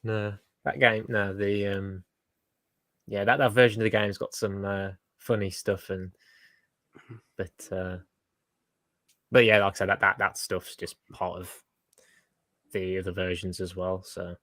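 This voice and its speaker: A man's voice: sits low, little pitch movement, a little slow, long pauses, a bit bright, no room sound. A man who is a guest on a podcast, talking in a hesitant, casual way that often trails off. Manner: hesitant, full of fillers and trailing off. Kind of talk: casual chat.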